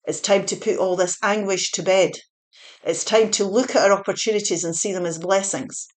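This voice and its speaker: A woman's voice: medium pitch, fairly even intonation, moderate pace. Woman, tarot reader; earnest, repetitive, encouraging delivery with fillers. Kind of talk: spiritual tarot reading.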